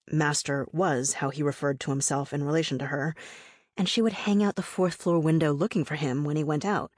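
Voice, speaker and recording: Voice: medium pitch, a little mellow, no room sound. A narrator reading a personal essay as an audiobook, telling it in a wry, reflective way with dry humor. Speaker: memoir narrator.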